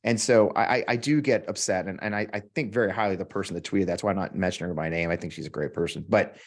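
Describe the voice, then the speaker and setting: Low-voiced and fast-talking, this US podcast host delivers a heated political monologue with frequent swearing, repeated lines for emphasis and emphatic, preacherly build-ups.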